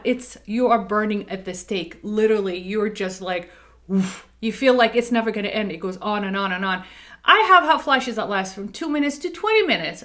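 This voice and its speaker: The voice belongs to a middle-aged woman on the staff of a dental practice, pitched on the high side with a fairly bright tone. She talks to camera casually and personally, emphatic and candid, saying "like" and "okay" often.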